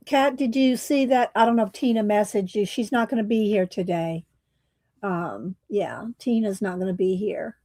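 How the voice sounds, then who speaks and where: A woman, hosting a casual livestream, chatting slowly with viewers and laughing often, her voice a little croaky. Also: medium pitch, mellow, no echo. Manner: slow, chatty, laughs often, Southern "y'all". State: slightly croaky voice. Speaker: livestream host.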